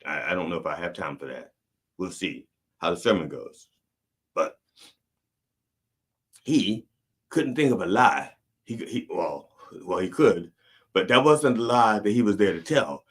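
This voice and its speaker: Sardonic rambling preacher man, lively. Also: sits low, unhurried, pauses often, husky. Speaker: host and preacher. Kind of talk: comedic sermon monologue.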